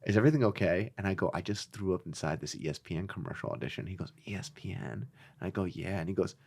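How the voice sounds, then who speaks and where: A male comedian guest on a podcast, telling a story with lively acted-out quotes. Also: sits low, racing. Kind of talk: casual podcast chat.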